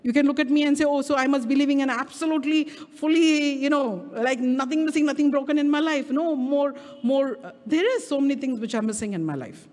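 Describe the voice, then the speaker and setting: A middle-aged woman with an Indian English accent preaching a sermon at a prayer meeting, stretching key words slowly for emphasis. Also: high voice, a little mellow. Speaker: guest speaker. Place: church prayer hall. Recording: reverberant hall.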